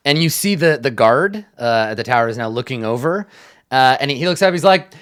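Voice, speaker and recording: A man's voice: medium pitch, expressive, a little fast, fairly bright tone, clear, resonant tone. A man narrating as game master of a tabletop game, rambling with many restarts.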